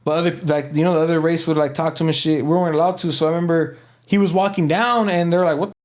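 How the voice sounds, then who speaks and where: A man's voice: a little high, fairly even intonation, quick pace. A man being interviewed, telling a long story in a loose, slangy way with lots of fillers. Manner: loose, slangy, rambling delivery with many fillers. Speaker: interview guest.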